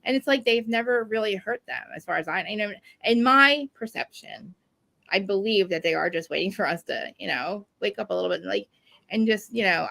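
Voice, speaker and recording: A woman talks at a fast clip in a relaxed, chatty way, with a gravelly fry in her voice. She rambles through animated stories, piling up fillers as she goes. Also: mid-range voice, low-quality recording. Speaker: podcast co-host. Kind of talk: casual chat.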